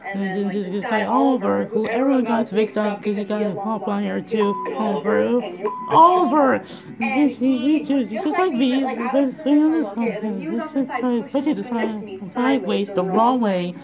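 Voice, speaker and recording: A man telling a comedic story in an animated way, laughing as he goes. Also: sits high, normal speed, gravelly, over music, low-quality recording. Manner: animated, laughing through his own anecdote. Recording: audio with loud crowd laughter. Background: loud audience laughter.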